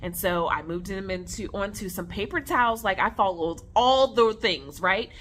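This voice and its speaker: Young woman vlogger, animated storyteller, home recording with faint hiss. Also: medium pitch, normal speed. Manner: animated, chatty, addresses viewers as y'all. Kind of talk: casual storytelling vlog. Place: at home on the floor with her snake.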